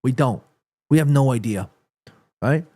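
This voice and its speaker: A man, raised in New York and born in South Korea, hosting a casual football live stream. He is tired and under the weather, rambling and repeating words as he gives animated opinions. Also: medium pitch, a little slow. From born in South Korea, raised in New York City. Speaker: livestream host.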